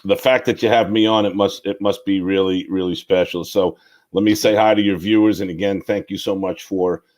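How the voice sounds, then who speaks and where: Deep-voiced polite male guest. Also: steady tone, brisk, darkish tone. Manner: polite, modest. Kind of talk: interview conversation.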